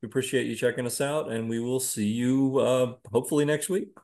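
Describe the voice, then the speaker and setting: A woman co-hosting a casual chat over a video call, relaxed as she wraps up the show. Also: a bass voice, brisk. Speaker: podcast co-host.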